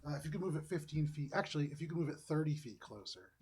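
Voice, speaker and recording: A man narrating as game master of a tabletop role-playing game, describing the action in a relaxed, chatty way. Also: fairly high pitch, rapid-fire, slightly rough.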